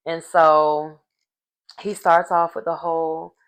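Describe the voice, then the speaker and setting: A woman giving a sassy, animated casual recap of a reality show, calling her listeners "baby" and "honey" and laughing as she goes. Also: sits low, slow. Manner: sassy, animated storytelling with terms of endearment; laughs mid-sentence.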